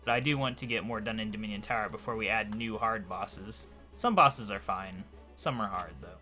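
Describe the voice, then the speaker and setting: A man talks through his gameplay in a relaxed, thinking-aloud way. His voice has a bright edge and sounds a little hoarse. Faint music plays underneath. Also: fairly low pitch, brisk, few pauses. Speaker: let's play commentator. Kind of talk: casual gameplay commentary.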